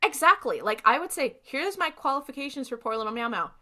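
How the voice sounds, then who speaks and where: Bright-voiced chatty young woman. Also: sits high, sing-song. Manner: chatty, acts out characters in quick asides. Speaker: podcast co-host. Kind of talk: casual episode recap.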